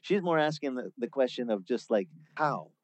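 A man preaching a sermon, teaching through a Bible passage in a lively, conversational way. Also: medium pitch, normal speed, no echo. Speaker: pastor.

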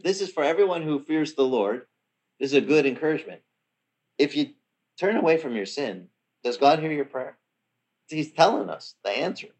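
Guy preaching, mid-pitched voice, talks like he's chatting, then pitch jumps up to hit a point. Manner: conversational preaching with sudden pitch rises for emphasis. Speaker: pastor. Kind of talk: sermon.

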